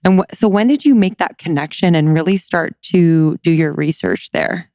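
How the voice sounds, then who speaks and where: A woman hosting a podcast, chatting casually with a guest and asking unhurried questions. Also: on the low side, no room sound. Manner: warm reactions, laughs along, unhurried questions. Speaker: podcast host. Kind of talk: casual interview chat.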